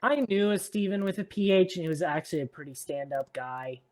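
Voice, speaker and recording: A man playing in a tabletop game, relaxed and joking, checking details aloud as he goes. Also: a little high, a little fast. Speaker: player. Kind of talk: casual chat in a tabletop game.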